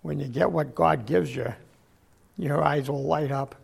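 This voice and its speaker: An older man preaching a sermon with a failing, hoarse voice. He clears his throat often and swings between loud emphatic outbursts and low murmurs. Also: a little slow. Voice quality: gravelly, husky.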